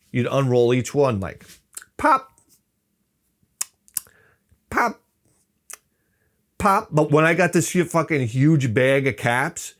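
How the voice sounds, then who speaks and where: A middle-aged man telling rambling, profane comic stories and acting out quoted people in other voices. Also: medium pitch. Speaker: channel host. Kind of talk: rambling comedic storytelling.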